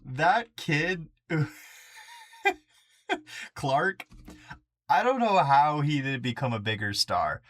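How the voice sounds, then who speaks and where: A man's voice: on the high side, animated, takes it slowly, pauses often, a bit bright. A man co-hosting a casual podcast about a movie, laughing between points. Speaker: podcast co-host.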